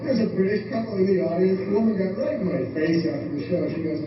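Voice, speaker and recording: A male comedian telling stories in a stand-up set on a club stage, with a deadpan delivery. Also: high voice, fast, hardly any pauses, background noise. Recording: echoey club from far off, dull, loud crowd.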